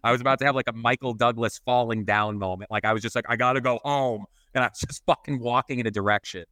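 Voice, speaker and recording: A man co-hosting a casual podcast, spinning a long self-mocking anecdote and swearing at every turn. His voice is bright and crisp, and the sound is close and dry. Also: mid-range voice, steady tone, fast, dry recording. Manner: swears constantly while telling a rambling comic anecdote. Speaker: podcast co-host, photographer.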